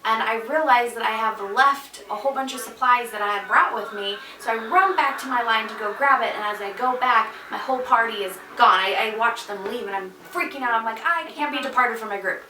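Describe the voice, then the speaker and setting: A woman's voice: on the high side, normal speed, few pauses, pushed and bright, a little hiss or hum. A woman vlogger casually telling a story, chatty, with many fillers and asides. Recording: echoey room, mic at a distance.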